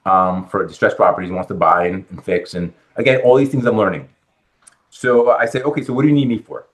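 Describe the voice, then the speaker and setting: Low-voiced New man telling stories. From Bronx, New York. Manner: animated storyteller acting out quoted dialogue. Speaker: guest, real estate lender. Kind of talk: storytelling in a podcast interview.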